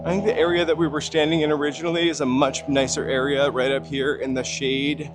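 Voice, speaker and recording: A man's voice: fairly high pitch, little pitch movement, fairly quick. Chatty man livestreaming on a noisy street. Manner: chatty, rambling, self-deprecating asides. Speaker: livestream host. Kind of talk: casual walking livestream chat. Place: outdoors on a busy city street. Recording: outdoor street noise clearly audible. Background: street ambience and passing traffic.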